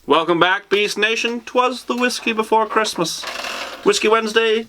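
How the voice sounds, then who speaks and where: A man hosting a casual whiskey tasting, joking around and reading tasting notes slowly. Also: high-pitched, over music. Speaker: show host.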